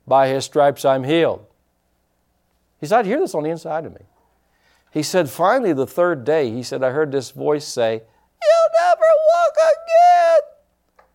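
A male pastor with a medium-pitched voice preaches a sermon emphatically, breaking into dramatic shouts.

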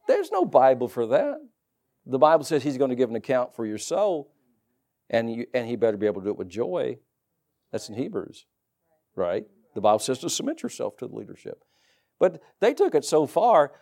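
A man's voice: mid-range voice, a little mellow. A middle-aged man preaching a sermon as pastor, folksy and joking asides to the congregation.

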